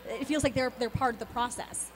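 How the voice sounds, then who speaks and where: Woman, 30s, voice actor guest; bubbly, quick, a bit high, recorded in an echoey convention hall. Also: steady tone. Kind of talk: convention interview. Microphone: handheld mic. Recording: reverberant hall with faint background noise.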